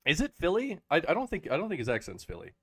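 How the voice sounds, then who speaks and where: A man hosting a casual podcast, talking in a halting, low-key way with many pauses. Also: wildly swooping pitch, fairly bright tone. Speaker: podcast host.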